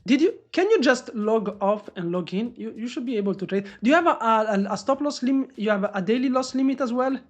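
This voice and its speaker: A woman day trader live-streaming her trades, talking excitably to viewers and swearing freely. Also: a little high, brisk, hardly any pauses, muffled recording, soft background music. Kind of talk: live-stream trading commentary.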